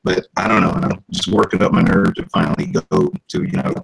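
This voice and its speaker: A man's voice: low voice, brisk, gravelly, breathy edge, poor audio. A man who works as a voice-over artist and actor, talking casually in an interview about his characters. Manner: animated, slips into character voices.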